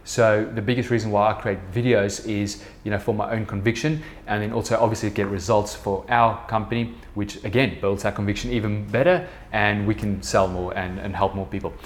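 A man's voice: fairly low pitch, steady tone, fairly quick, hardly any pauses. A man in his thirties from South Africa with an Afrikaans accent, talking casually and rambling with many fillers on his own podcast. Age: 30s. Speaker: podcast host, business co-founder. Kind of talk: casual solo podcast talk.

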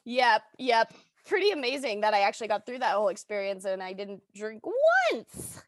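Woman podcast co-host, bright high register, lively pitch, laughs often. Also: normal speed, no room sound, studio quality. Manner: giggly, animated, trails off with fillers. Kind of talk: casual chat.

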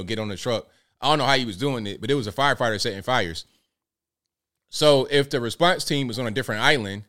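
A man's voice: mid-range voice, sharp tone. A man hosting a call-in talk show, talking casually and loosely and repeating himself. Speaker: host.

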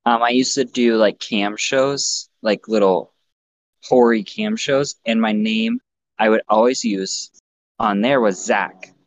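A man's voice: on the low side, fairly even intonation, slow, dry recording. A man hosting a casual podcast, talking in a blunt, crude, joking way. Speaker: podcast host. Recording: dull lo-fi sound.

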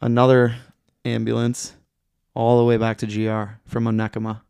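A man's voice: medium pitch, completely flat delivery, normal speed, gravelly, a little mellow, clear, resonant tone, no echo. A young man from Michigan, a podcast guest telling a story in a laid-back, rambling way, swearing a lot. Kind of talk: casual chat.

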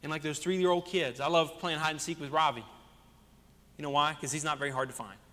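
High, bright-voiced preaching pastor. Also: male voice, fairly quick. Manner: animated preaching with rhetorical questions. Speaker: senior pastor. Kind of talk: sermon. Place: church sanctuary. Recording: long church hall reverb.

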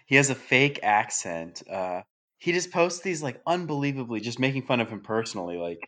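A man joins a casual podcast chat, telling stories in an animated, profane way and laughing through them. His voice sits in the middle of the male range. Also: mid-range voice, brisk. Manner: animated, profane, giggly storytelling. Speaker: podcast co-host.

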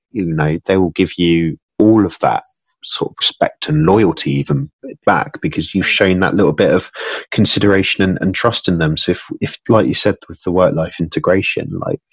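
A man chatting as a podcast guest, self-deprecating and quick to laugh. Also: deep voice, husky, no room sound. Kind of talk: casual conversation.

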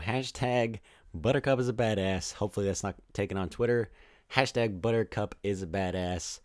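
A young man hosting a podcast, rambling through a casual spoiler-filled film review with exasperated, animated rants. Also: lowish voice, fairly quick, no echo, clean studio sound.

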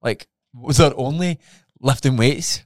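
A man co-hosting a podcast, telling a story in an animated way, swearing a lot and acting out his own reactions. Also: medium pitch, slow pace, no echo, clean studio sound. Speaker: podcast co-host. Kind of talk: casual chat.

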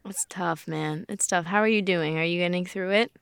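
A woman hosting a podcast in casual chat, joking and quick to laugh. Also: lowish voice, vocal fry, smooth, no echo, clean studio sound. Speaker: podcast host.

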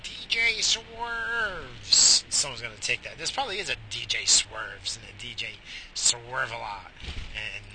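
A man's voice: fairly low pitch, moderate pace, pushed and bright, a little hiss or hum. A man podcasting while he drives, rambling crudely and profanely into a head-mounted mic. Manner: profane, rambling, mock-theatrical. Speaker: podcast host. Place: car, driving.

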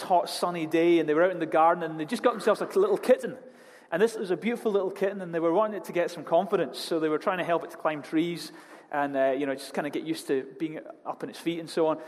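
In a church hall, a pastor with a voice slightly higher than most men's gives a sermon. He tells stories in an animated, jokey way, and long reverb trails each of his phrases.

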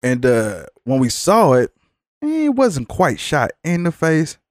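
A man hosting a podcast, ranting in a blunt, profane, animated way in a casual chat. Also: fairly high pitch, slow pace, no echo, clean studio sound. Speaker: podcast host.

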